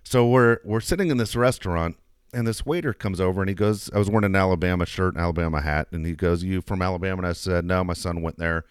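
A man's voice: low-pitched, fast talker, clear, resonant tone, dry recording, clean studio sound. A man telling a long baseball story in casual chat, swearing freely and getting worked up. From Southern California. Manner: profane, animated storyteller. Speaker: baseball coach.

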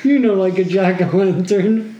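A player in a tabletop role-playing game, speaking in a drawn-out, deadpan way. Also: medium pitch, highs cut off, a crowd in the background. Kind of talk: casual tabletop game chat. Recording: roomy echo.

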